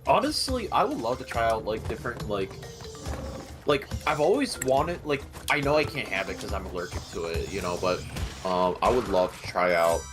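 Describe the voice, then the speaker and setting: Halting, filler-heavy male co-host, lowish voice, game music clearly audible. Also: very animated. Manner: rambling, halting, many fillers, talks while eating. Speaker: stream co-host. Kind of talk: casual chat on a game stream. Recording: livestream with game music behind.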